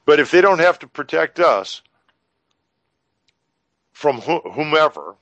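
A man speaks as a guest on a talk radio show, measured and folksy in his delivery. His voice is recorded dry and close, with no room sound. He explains his points plainly and at a steady pace. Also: on the high side, no echo, dull audio.

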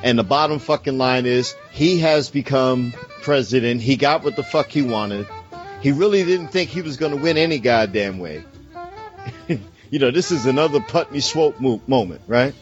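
An American man in a heated political rant swears constantly and raises his voice as he argues with passion. His medium-pitched voice is animated and moves at a normal speed, the highs are cut off, and faint music plays behind him.

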